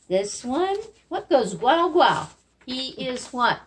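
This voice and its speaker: A woman with a lightly voice teaches young children Spanish animal words in a remote video lesson. Her voice sits a little high and swings widely up and down in a sing-song way. She talks slowly and patiently, coaxing answers. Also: big pitch swings, background noise.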